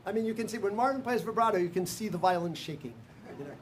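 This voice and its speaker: A man's voice: high-pitched, lively intonation, quick pace. An older man leading a live music workshop. He talks casually, sings melodies in nonsense syllables, counts the players in and laughs often. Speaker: workshop leader.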